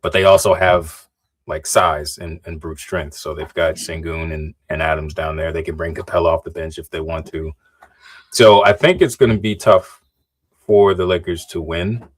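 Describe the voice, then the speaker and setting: A man's voice: low voice, steady tone, normal speed. A man co-hosting a casual sports podcast, analytical, often restarting sentences and correcting himself politely. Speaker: podcast co-host.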